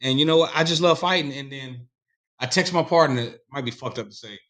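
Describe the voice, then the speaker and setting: A man's voice: mid-range voice, a little fast, a bit bright. A man on a podcast telling a rambling, profane story in casual chat.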